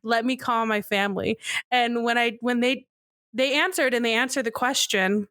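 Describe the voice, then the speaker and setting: Giggly young woman with a bright voice. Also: a little high, moderate pace, clear, resonant tone, no echo, clean studio sound. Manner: giggly, laughs often mid-story. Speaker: podcast co-host. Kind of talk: casual sibling chat.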